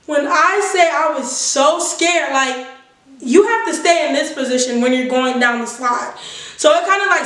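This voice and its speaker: A woman vlogger telling a funny personal story in a casual, animated way, laughing and swearing as she goes. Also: sits high. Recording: roomy echo from a distance.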